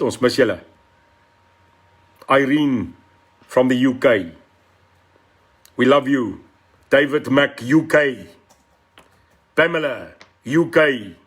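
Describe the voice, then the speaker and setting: A middle-aged South African man with a South African accent hosting a live political stream, speaking passionately, mixing in Afrikaans and greeting viewers by name. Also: medium pitch. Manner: impassioned, switches between English and Afrikaans, greets viewers by name. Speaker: political talk show host.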